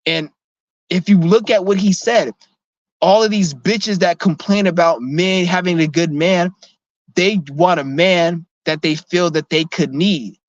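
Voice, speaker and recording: A vlogger with a high voice speaks unhurriedly while ranting heatedly to camera. He's blunt, profane and confrontational, often repeating himself and restarting sentences, all captured in a dry, dull lo-fi recording.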